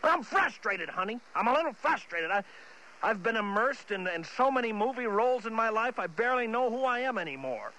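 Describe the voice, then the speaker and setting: A man's voice: high voice, expressive, fairly quick, pushed and bright, poor audio. A man voicing an unhinged, boastful male movie star who rambles, stammers and keeps restarting his sentences. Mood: frustrated. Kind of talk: comedy sketch impression.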